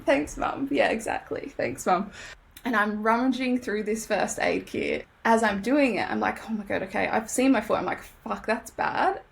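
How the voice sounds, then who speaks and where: A young Australian woman, a podcast guest, telling a story in casual chat, animated and laughing often as she acts out what people said. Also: mid-range voice, normal speed, creaky, few pauses.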